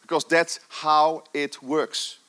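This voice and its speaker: Man, preacher, sermon, high voice, passionate, emphatic repetition. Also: level tone, slow pace, fairly bright tone. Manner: passionate, emphatic, repeats phrases.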